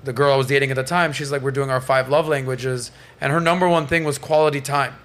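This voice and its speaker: A man's voice: mid-range voice, fairly even intonation, fast, fairly bright tone. Joking man hosting a panel chat. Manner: joking, acts out quoted dialogue, moderates panel. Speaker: podcast host. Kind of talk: casual panel talk.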